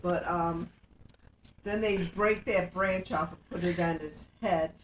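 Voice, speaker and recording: A woman's voice: fairly low pitch, fairly even intonation, takes it slowly, background noise. A woman chatting casually as a podcast co-host, chiming in with short remarks and plot corrections. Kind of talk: casual chat.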